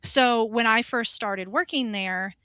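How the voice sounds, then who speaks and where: A young woman, a wax specialist, telling an animated story in casual chat, swearing and acting out the voices of the people in it. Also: on the high side, slow, clear, resonant tone, no room sound.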